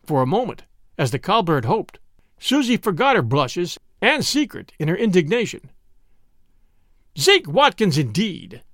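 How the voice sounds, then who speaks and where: Male narrator, high and very animated, close and dry, classic-story audiobook. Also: normal speed, no room sound. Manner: expressive storytelling, lively delivery.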